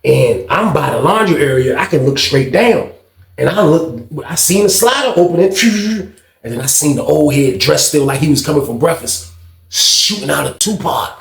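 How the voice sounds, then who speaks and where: A man telling a prison story in casual talk, acting out other people's lines with shouts and slang. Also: a little high, normal speed, vocal fry, roomy sound. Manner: animated, acts out shouted quotes in a raised voice; heavy profanity and slang.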